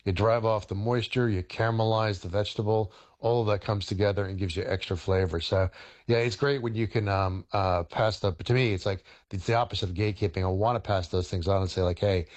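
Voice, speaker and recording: A middle-aged man with a fairly low voice talks through cooking as a radio guest. He stops and starts often, hunting for words with lots of ums and likes. He slips into telling a folk story in the same relaxed way. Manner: halting, many fillers and restarts, storytelling. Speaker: historian and chef, radio guest. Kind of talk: casual radio interview, explaining cooking.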